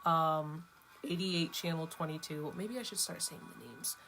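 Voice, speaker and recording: A woman's voice: low voice, a little slow, gravelly, fairly bright tone, a little hiss or hum. A woman hosting her own vlog, chatting casually in a rambling, chatty way and laughing between thoughts. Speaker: vlogger host. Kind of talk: casual chat.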